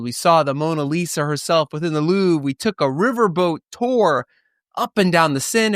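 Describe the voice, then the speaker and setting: A man's voice: fairly high pitch, moderate pace, no room sound, studio quality. Playful man hosting a podcast. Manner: playful, jokey. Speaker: podcast host. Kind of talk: upbeat podcast intro. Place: London.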